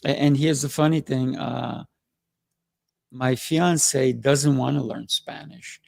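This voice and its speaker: A man with a gravelly, fry-edged voice talks easily as the host of a relaxed conversation, slipping in stories and asides. The sound is close and dry, with almost no room around it. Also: mid-range voice, slow, no echo. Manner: chatty, storytelling with asides. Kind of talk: casual interview chat.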